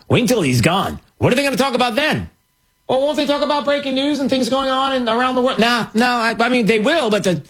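A man hosting an opinion commentary show, talking in a sarcastic, mocking and animated way. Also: fairly high pitch, breathy edge.

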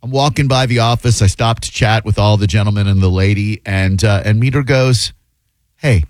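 A fill-in talk radio host in his fifties speaks in a fairly low voice. He drifts through casual, self-mocking anecdotes, leaning on fillers and restarts. The studio sound is close and dry. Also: steady tone, brisk, dry recording. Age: 50s. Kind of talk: casual radio chat and storytelling. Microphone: studio broadcast mic.

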